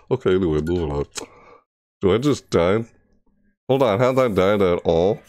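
A young man commentating his own gameplay, chatty and excitable, yelping and shrieking high when things go wrong. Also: normal speed, pauses often, dry recording. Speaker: gaming YouTuber. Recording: game music playing behind.

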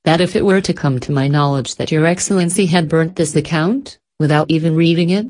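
A woman narrating an audiobook in a calm, reverent reading. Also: sits low, fairly quick. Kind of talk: scripted narration.

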